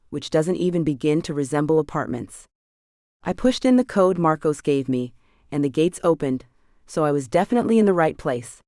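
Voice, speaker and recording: A woman's voice: deep voice, dark tone, dry recording, clean studio sound. A woman narrating a first-person romance audiobook with wry, chatty asides.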